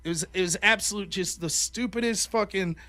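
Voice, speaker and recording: Bright-voiced, foul-mouthed male host. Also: high-pitched, fairly quick. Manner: profane, animated storytelling. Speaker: podcast host. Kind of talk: casual call-in show chat.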